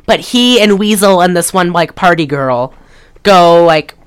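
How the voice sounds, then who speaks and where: Woman host with a very low voice; loose, profane, filler-heavy recap chat. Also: animated, unhurried, clear, resonant tone. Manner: rambling, profane, lots of fillers. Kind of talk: casual movie recap chat.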